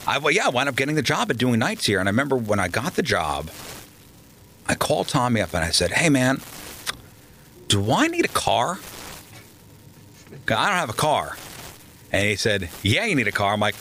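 A man's voice: medium pitch, moderate pace, long pauses, slight background noise, poor audio. A man telling a long story in a casual interview, acting out the people he quotes. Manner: animated storyteller, acts out quoted voices. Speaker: radio host guest.

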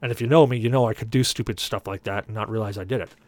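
A man's voice: on the low side, rapid-fire, no echo. A man on a podcast telling a long, funny story and acting out the voices in it. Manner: animated, acts out the voices in his stories. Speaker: podcast panelist. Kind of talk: comic storytelling.

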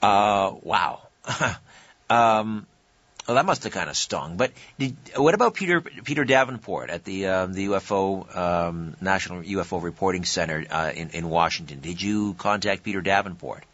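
Low-voiced man host, dry dull sound. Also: normal speed, a bit bright, dry recording. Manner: hesitant, many fillers. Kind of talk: interview questions.

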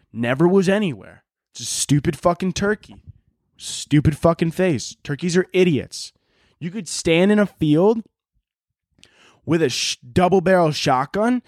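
A man's voice: on the high side, no echo, clean studio sound. A man hosting a podcast, ranting in a profane, rambling comedic monologue. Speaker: podcast host.

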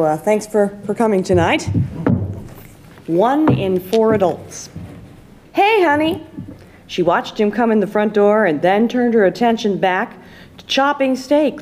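A woman, an author, reading her short story aloud in a plain, low-key delivery. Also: darkish tone, a little hiss or hum.

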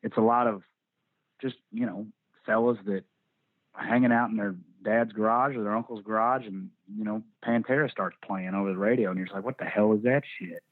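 A man's voice: fairly low pitch, steady tone, a little fast, no echo. A man from Texas with a Texan accent, telling stories in a candid, laid-back way and swearing freely during a casual interview. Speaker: band vocalist, podcast guest. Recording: dry tinny phone-like line.

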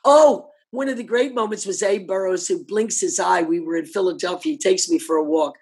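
An older actress telling anecdotes in an interview, animated and laughing often as she acts out what others said. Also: lowish voice, a little fast, husky.

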